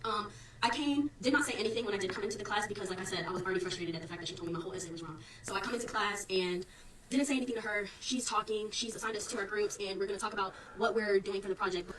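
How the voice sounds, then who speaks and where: A young woman student rapidly and defensively recounting an incident to her followers. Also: medium pitch, a bit bright, reverberant, recorded from a distance, a little hiss or hum, low-quality recording. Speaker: student telling her story. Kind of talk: storytime recounting events to followers.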